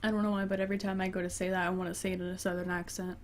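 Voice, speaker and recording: A woman's voice: on the low side, flat delivery, very fast, slight background noise. A woman gamer reading a dating game aloud and breaking off into chatty, giggly asides, including talking to her cat. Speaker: let's play gamer.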